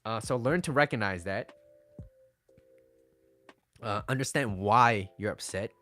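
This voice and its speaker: A man's voice: on the low side, unhurried, pushed and bright. A man hosting a dating and relationship advice talk, rambling casually, swearing freely, laughing often and sometimes calling himself by name. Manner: rambling, profane, laughs often, refers to himself in third person. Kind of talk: casual talking-head advice monologue.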